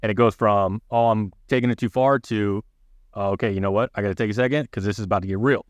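Fast-talking blunt young man. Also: on the low side, fairly even intonation, no echo, lo-fi sound. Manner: blunt, swears casually, quotes himself in asides. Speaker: podcast guest. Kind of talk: casual podcast chat.

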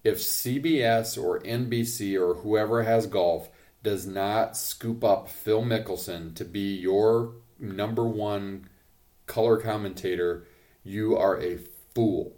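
A man's voice: fairly low pitch, slow. A man hosting a sports podcast, giving emphatic, opinionated takes in casual talk. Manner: emphatic, opinionated, rising to loud points. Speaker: podcast host.

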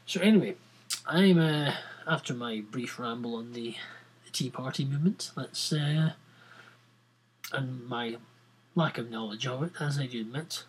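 A man's voice: medium pitch, unhurried, pauses often, slightly rough, poor audio. A Scottish man hosting a podcast, rambling in casual chat with giggles and many fillers. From Scotland. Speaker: podcast host.

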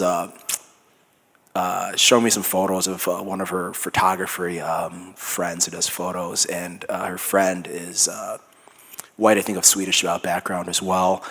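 A man's voice: deep voice, fairly bright tone. A man with a Minnesota accent, in his thirties, talking in an easygoing, reflective way as a guest before an audience and acting out quotes. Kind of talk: conversational interview before an audience. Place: large hall with congregation. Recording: hall reverb.

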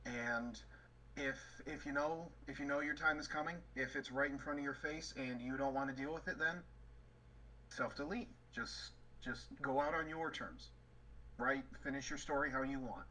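A man's voice: mid-range voice, moderate pace, long pauses, sharp tone, a little hiss or hum, poor audio. A young adult man, a guest on a casual podcast, talking reflectively and restarting his sentences often.

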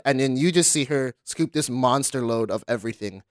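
A man's voice: mid-range voice, a little fast, no echo, studio quality. A man, co-hosting a casual podcast and telling stories by acting out quotes. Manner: animated storyteller acting out quotes. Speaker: podcast co-host. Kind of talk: casual chat.

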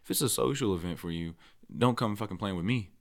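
Deep voiced podcast guy, blunt, swears constantly, gets heated. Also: quick pace, creaky. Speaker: podcast co-host. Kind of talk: casual chat.

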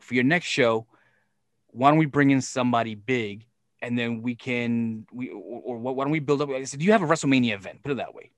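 A man's voice: medium pitch, dry recording. Swearing storyteller man, dry close mic. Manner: profane, animated, acts out quoted voices. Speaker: podcast guest telling stories. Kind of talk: casual storytelling chat.

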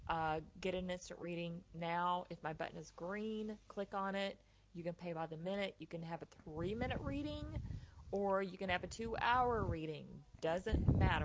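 A woman who works as a psychic medium hosts a call-in psychic radio show, chatting casually and filling her talk with "um" and "uh." Her voice is fairly low, and the line sounds dull and lo-fi.

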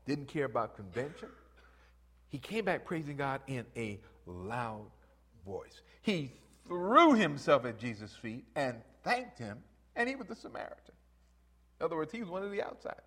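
Animated preaching man, lively pitch. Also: husky. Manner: animated preaching, acts out voices, rises to loud exhortation. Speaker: pastor. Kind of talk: sermon.

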